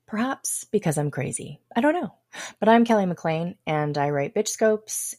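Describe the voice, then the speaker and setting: A woman's voice: sits low, darkish tone, no room sound, studio quality. Playful, irreverent woman podcast host. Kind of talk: casual chat.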